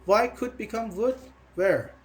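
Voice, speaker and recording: A man's voice: sits high, measured pace. A man. He explains patiently with everyday examples and repeats his phrases. He also acts out short quoted lines. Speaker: English teacher. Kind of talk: online grammar class.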